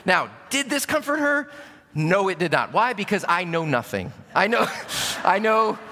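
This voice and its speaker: Animated pastor in a reverberant hall. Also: male voice, high-pitched, measured pace. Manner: animated storytelling with sudden shouts and hushed drops. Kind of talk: sermon. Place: church sanctuary. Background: long hall reverb.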